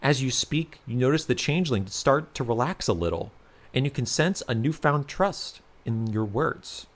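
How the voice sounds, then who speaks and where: Man narrating an expressive fantasy story. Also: mid-range voice, moderate pace. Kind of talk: second-person storytelling narration.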